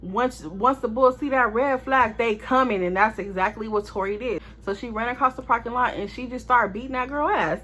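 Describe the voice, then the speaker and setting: An animated woman telling a storytime vlog in a loose, profane way, talking straight to her viewers. Her voice sits a little high and comes across bright and forceful. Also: brisk, hardly any pauses. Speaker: storytime vlogger.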